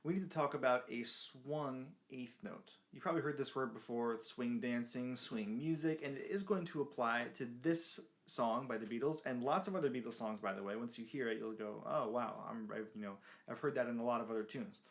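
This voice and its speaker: A man's voice: medium pitch, brisk, hardly any pauses. A man teaching a beginner ukulele lesson, explaining patiently and counting beats aloud while he strums. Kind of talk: music lesson. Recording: ukulele playing behind voice.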